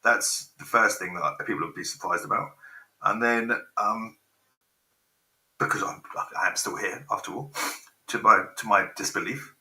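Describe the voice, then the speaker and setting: A man in his forties hosts a live stream, rambling, swearing freely and getting distracted by technical snags. His voice sits lowish but sounds piercingly sharp and tense. It rings in an echoey room. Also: moderate pace. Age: 40s. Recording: roomy echo.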